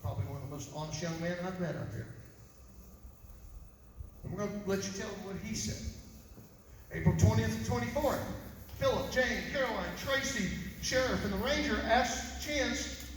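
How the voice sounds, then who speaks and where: A man's voice: high-pitched, moderate pace, pauses often. A man who works as a private investigator, speaks at a press conference in a folksy storytelling manner, acting out his phone calls. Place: large echoey hall. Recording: echoey hall from far off with noise.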